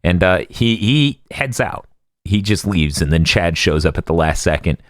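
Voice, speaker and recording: A man on a casual podcast recapping anime episodes, laughing often and acting out characters' lines in quick voices. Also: low-pitched, lively intonation, no room sound, studio quality. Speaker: podcast co-host.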